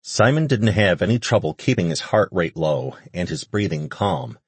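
A man reading an audiobook as narrator, in a steady, measured way. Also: deep voice, slightly rough, no echo. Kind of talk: scripted narration.

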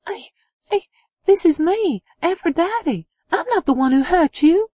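Breathless stammering young woman, voiced by the female narrator, high, dry studio read. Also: lively intonation, unhurried, a little mellow, no room sound. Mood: frantic. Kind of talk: audiobook character voice.

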